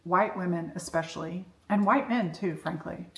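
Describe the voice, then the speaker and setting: A woman's voice: fairly low pitch, moderate pace. A middle-aged woman giving a candid, reflective personal monologue, telling her story frankly. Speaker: self-development speaker. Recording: echoey room.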